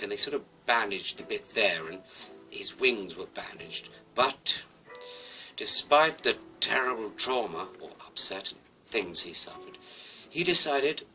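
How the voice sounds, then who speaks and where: A man's voice: lowish voice, bright, forceful tone, distant mic, low-quality recording. A British man telling a comic story with a toy, chatty and playful, with asides to the viewer.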